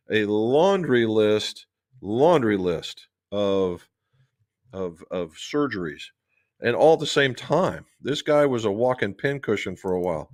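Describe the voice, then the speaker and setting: A man hosts a relaxed golf talk stream and chats with viewers. His voice sits at an ordinary middle pitch, and his delivery is folksy and unhurried. He drifts into long shop stories, with the loose rhythm of someone used to talking while he works. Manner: folksy storyteller, talks with his hands, relaxed and chatty. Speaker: golf club fitter and livestream host. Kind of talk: casual livestream chat answering viewers.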